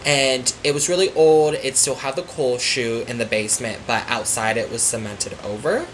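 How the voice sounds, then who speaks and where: A man from Florida, a psychic medium guest on a casual podcast, rambling through a story with many pauses and restarts. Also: mid-range voice, fairly bright tone, a little hiss or hum, poor audio. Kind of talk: casual chat.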